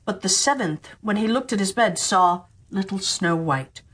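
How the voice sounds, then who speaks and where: A middle-aged woman narrating a children's fairy tale audiobook as a storyteller, expressive and acting out the voices. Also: mid-range voice, normal speed, husky.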